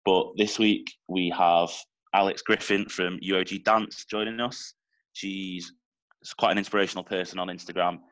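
Manchester lad hosting a chat podcast, very low monotone voice. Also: male voice, normal speed, poor audio. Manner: chatty, informal, with small slips. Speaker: podcast host. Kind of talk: casual podcast interview.

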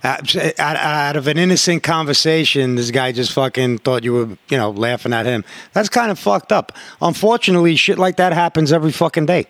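Halting, swearing podcast host. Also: male voice, a little high, a bit bright, dry recording. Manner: halting, repeats words, swears freely. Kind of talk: casual chat.

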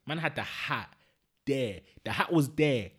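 In a mid-range, slightly rough voice that moves a little slowly, a man co-hosting a podcast chats casually. His storytelling is animated and loaded with slang.

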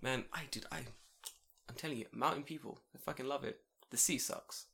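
A young man telling a story in casual podcast chat, animated, swearing and laughing. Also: medium pitch, brisk, gravelly, slightly rough.

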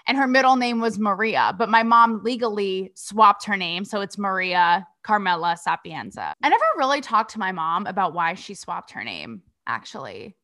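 Sassy, blunt woman with a bright voice. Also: mid-range voice, animated, normal speed, few pauses. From Connecticut. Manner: sassy, blunt, swearing, rhetorical questions. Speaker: podcast host. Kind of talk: casual commentary monologue.

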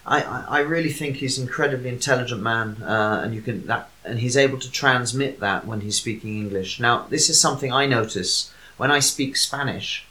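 A man's voice: mid-range voice, brisk, hardly any pauses, sharp tone. A man hosting a casual talk show, chatty and steering the discussion. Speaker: podcast host. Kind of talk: casual chat.

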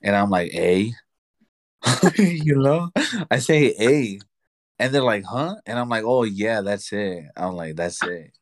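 Casual male co-host, lowish voice, lively storyteller who plays out both sides of a chat, dry close mic. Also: a little slow, no room sound. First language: Spanish. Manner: animated storyteller, acts out dialogue, laughs often. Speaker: podcast co-host.

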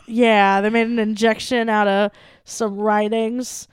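Smooth, jokey woman podcast co-host. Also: fairly high pitch, slow, dry recording, studio quality. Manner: animated, profane, jokey. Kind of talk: casual comedic chat.

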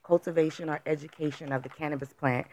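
Woman guest on a podcast, low voice, polite and businesslike. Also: fairly even intonation, fast talker, a little mellow, slight background noise. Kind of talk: casual interview.

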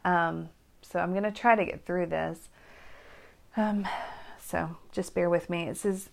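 Slow, creaky-voiced American woman. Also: on the low side, steady tone. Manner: gentle, reflective, hesitant with many ums. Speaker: co-host, wife. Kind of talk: casual chat, poem reading.

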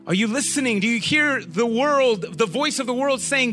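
High, bright-voiced preacher man. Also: brisk, hardly any pauses, faint music behind. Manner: animated, asks the audience questions often. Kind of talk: sermon.

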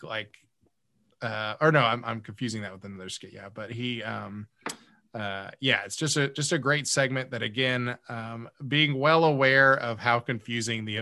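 A man's voice: fairly low pitch, bright, forceful tone, no room sound. A man in casual chat, rambling with many fillers and restarts as he recaps a comedy sketch. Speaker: podcast co-host.

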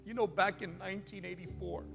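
A man's voice: high-pitched, fairly even intonation, brisk, creaky, voice pushed up. A man voicing a grudge-holding spouse who dredges up old hurts in an accusing, half-laughing way. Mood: grudging. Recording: reverberant hall with faint music.

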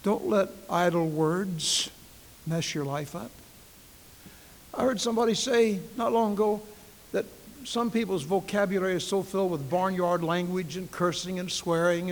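Emphatic preacher in a reverberant hall. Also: male voice, sits high, fairly even intonation, normal speed. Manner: emphatic preaching, swinging from hushed to loud. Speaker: pastor. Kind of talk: sermon.

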